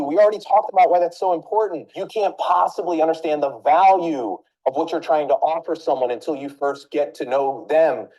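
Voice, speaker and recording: A woman business coach giving a training talk, telling a story and speaking straight to her listeners with quick questions. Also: sits low, low-quality recording. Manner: animated, addresses listeners directly with rhetorical questions.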